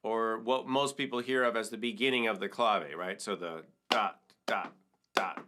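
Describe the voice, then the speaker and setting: A man's voice: fairly low pitch, normal speed, background noise. A middle-aged man teaching a hand-drum lesson step by step, counting and singing the rhythms aloud. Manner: counts and sings rhythms aloud, breaks into vocables. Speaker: percussion teacher. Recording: congas and wood block playing behind the voice.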